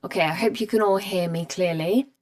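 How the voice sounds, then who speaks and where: A woman's voice: on the low side, fairly quick. A woman teaching a live online English grammar lesson, explaining patiently and reading out example sentences. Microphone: camera mic.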